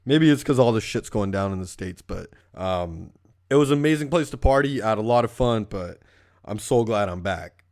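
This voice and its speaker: A man's voice: lowish voice, animated, moderate pace, darkish tone. A young man from Canada hosting a casual, rambling podcast, full of swearing and laughing as he tells stories. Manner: profane, laughing storyteller. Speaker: podcast host.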